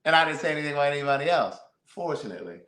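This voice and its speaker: A man's voice: fairly high pitch, big pitch swings, rapid-fire, a bit bright, roomy sound. A man co-hosting a casual chat, teasing and swearing in sassy banter. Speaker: co-host.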